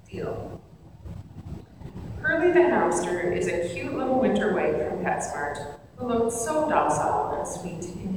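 A middle-aged woman giving a sermon, telling a personal story in a reflective way with soft, repeated phrases. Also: fairly low pitch. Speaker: preacher. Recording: echoey hall, distant mic, background noise.

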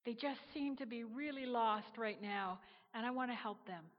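Woman voicing a gentle, patient female God. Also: moderate pace, close to an everyday voice. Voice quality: soft and low-toned, quietly reassuring. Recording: dull reverberant sound.

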